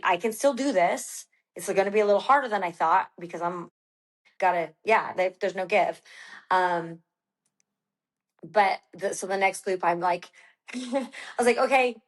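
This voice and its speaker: A woman guest on a podcast, telling a story casually with many fillers and acting out her own quoted lines. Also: medium pitch.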